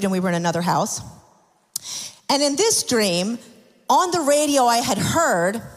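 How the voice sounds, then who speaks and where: A woman preaching a sermon, telling personal stories in an earnest, confessional way with frequent restarts. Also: medium pitch. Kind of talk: sermon testimony. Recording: long hall reverb.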